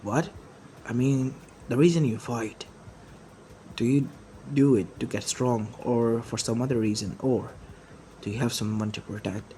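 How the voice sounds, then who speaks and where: A man voicing a calm, soft-spoken young ninja who asks quiet questions, in a fan-made story. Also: medium pitch, a little slow, pauses often, a little hiss or hum, natural voice. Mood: curious.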